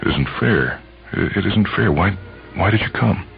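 A man's voice: low-pitched, lively intonation, normal speed, creaky, dull audio, faint music behind, voice pushed up. A man reading a story, voicing a tense, suspicious man confined in an asylum. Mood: agitated.

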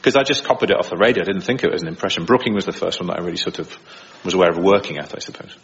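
Chatty low-voiced man laughing in interview. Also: rapid-fire, creaky, dull audio. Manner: chatty, laughs often while talking. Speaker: impressionist guest. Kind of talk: conversational interview. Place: radio studio.

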